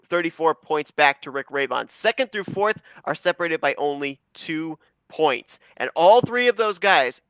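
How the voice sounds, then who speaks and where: A man's voice: fairly high pitch, a bit bright, smooth, no echo. A man commentating a sim racing broadcast in an upbeat, polished play-by-play manner. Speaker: race commentator.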